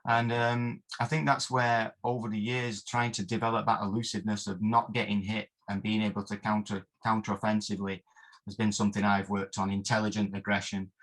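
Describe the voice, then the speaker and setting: Guy, bit low voice, martial arts coach rambling thru old stories, lots of um and flipping heck. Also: flat delivery, a little fast, few pauses, fairly bright tone. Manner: rambling anecdotes with many fillers and mild oaths. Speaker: martial arts instructor, guest. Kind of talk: interview storytelling.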